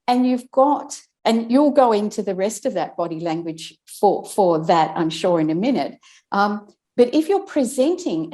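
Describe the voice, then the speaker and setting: A woman with a mellow, warm tone explains breathing and speaking technique as an interview guest. She talks in a relaxed, explanatory way, demonstrating pauses and stress as she goes. Her phrases often break off and restart mid-thought. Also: on the high side. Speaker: guest, speech and accent coach. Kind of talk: conversational interview.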